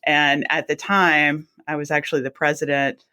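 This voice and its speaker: A woman, a guest telling her career story in a chatty, animated way and acting out her own reactions. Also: low voice, normal speed. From South Mississippi. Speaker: guest, anesthesiologist assistant. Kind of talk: casual storytelling interview.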